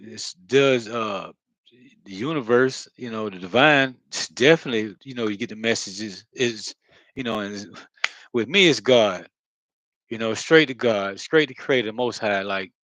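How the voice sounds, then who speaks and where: A man giving a rambling, earnest spiritual monologue, halting with many fillers and heavy sighs, blunt and sometimes swearing. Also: fairly low pitch, a bit bright, no echo, rough recording. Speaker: spiritual vlogger.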